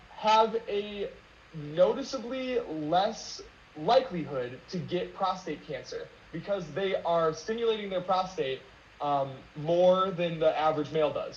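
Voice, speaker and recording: A man talking casually on a podcast as a guest, rambling with lots of fillers and swearing. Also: high-pitched. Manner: rambling, many fillers, profane. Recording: roomy lo-fi with faint noise.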